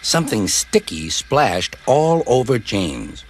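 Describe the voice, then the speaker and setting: A man reading children's train stories aloud in a lively storybook narration. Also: slow, very noisy. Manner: lively, jumps high for characters' cries. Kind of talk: storybook narration with character voices. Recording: music playing behind.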